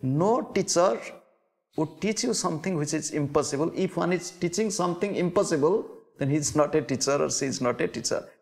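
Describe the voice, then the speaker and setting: A man giving a spiritual lecture, speaking slowly and deliberately and repeating key words. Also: a little high, expressive, gravelly. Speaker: spiritual teacher. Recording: long hall reverb.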